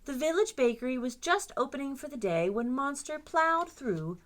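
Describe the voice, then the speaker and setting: A woman librarian reads a picture book aloud to children, her voice sitting high and moving at normal speed. Her storytelling is expressive and dramatic.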